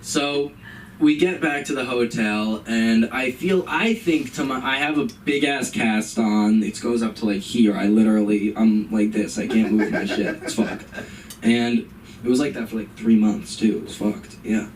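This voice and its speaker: A man's voice: on the low side, moderate pace, slight background noise. A young man performing stand-up at an open mic, telling a story and acting out his mother's lines in a raised voice. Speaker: stand-up comedian. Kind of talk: stand-up comedy set. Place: comedy club stage. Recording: live open mic, room mic from a distance.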